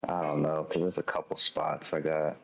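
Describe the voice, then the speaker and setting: A man co-hosting a live trading stream, chatting in a laid-back way with soft chuckles. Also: very deep voice, little pitch movement, normal speed, gravelly, husky. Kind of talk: casual live-stream chat. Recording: dull lo-fi stream audio.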